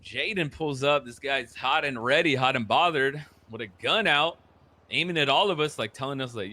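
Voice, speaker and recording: A man casually retelling a roleplay story, animated and profane, acting out the other people's lines in a low mutter. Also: normal speed. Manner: animated, profane, acts out quotes in a lower mutter.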